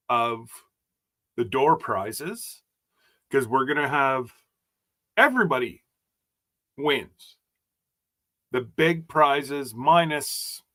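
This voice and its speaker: A man's voice: mid-range voice, sharp tone. A man hosting a casual livestream chat, rambling and joking as he stumbles over his words. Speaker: host.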